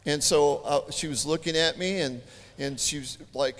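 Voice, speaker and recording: A man preaching a sermon, telling stories in an animated, chatty way with joking asides. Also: fairly high pitch, normal speed. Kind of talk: storytelling sermon. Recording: long hall reverb.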